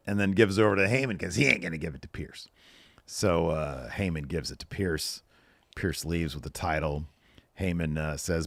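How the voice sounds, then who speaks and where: A man with a fairly low voice recaps a wrestling broadcast in a casual podcast chat. He lifts his voice when quoting the people on the show. The sound is close and dry, with no room around it. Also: moderate pace, no echo. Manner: retells scenes, quoting lines in a raised voice. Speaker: podcast co-host.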